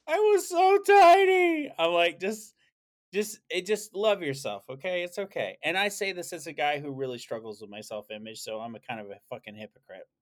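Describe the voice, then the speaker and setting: A man co-hosting a podcast in casual chat, telling rambling stories with lots of swearing and fillers. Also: on the high side. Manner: animated, profane, rambling storyteller. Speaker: podcast co-host.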